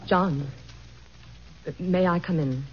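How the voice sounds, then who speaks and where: A woman's voice: fairly low pitch, takes it slowly, background noise. A woman playing an earnest, persuasive first lady in a vintage radio drama. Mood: pleading. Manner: earnest, gently insistent. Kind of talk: 1940s radio acting. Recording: dull old radio recording.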